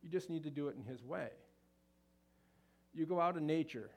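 A man's voice: a little high, moderate pace, darkish tone. A man speaking to a live audience at a marriage seminar, folksy and conversational, with frequent fillers and restarts.

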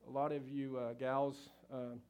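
A man gives a relaxed talk to a live audience about relationships. His pitch sits in the middle range, and his folksy, conversational delivery is full of fillers and restarts. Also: unhurried, smooth. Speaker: marriage seminar speaker.

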